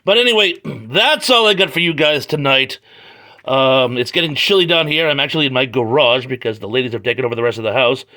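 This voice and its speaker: A man's voice: mid-range voice, brisk, bright, forceful tone. A man doing a casual, joking comic book review from his garage, full of wry asides. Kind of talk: casual read-through review. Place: home garage.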